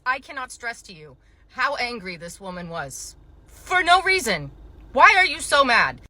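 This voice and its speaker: A woman with a bright, sharp voice telling a storytime about her retail job. She is animated and sarcastic, swears freely and jumps in and out of the story. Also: a little high, measured pace. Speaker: retail store manager. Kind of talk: storytime vlog.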